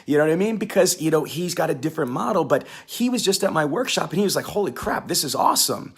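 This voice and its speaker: A man's voice: a little high, expressive, quick pace, creaky, husky. A male sales trainer coaching a live online audience in an emphatic, repetitive, hyped-up way with chatty slang asides.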